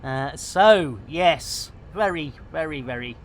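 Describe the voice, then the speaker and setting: A woman streaming live, chatting casually in a bubbly, jokey way, with bursts of shouting and laughter. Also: low-pitched, lively intonation, slow pace, a little hiss or hum.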